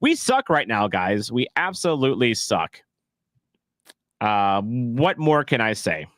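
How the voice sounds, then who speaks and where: A man's voice: mid-range voice, big pitch swings, slow, fairly bright tone, no room sound, clean studio sound. A man casually calling a soccer match on a live stream, rambling and joking at his own expense. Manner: rambling, jokey, self-deprecating. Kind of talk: casual live play-by-play reaction.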